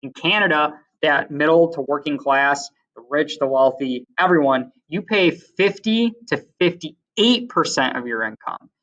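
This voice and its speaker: A teacher gives a casual classroom lecture in a slightly high, a bit bright voice, speaking at a measured pace with few pauses. He's chatty and full of fillers, wandering into anecdotes, and the recording is distant, dull and lo-fi.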